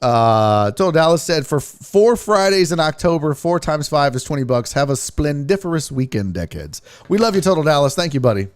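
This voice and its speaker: A man's voice: fairly high pitch, expressive, fairly quick, hardly any pauses. A man hosting a sports livestream in casual chat, joking around with playful, crude banter while reading viewer donations. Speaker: sports show host.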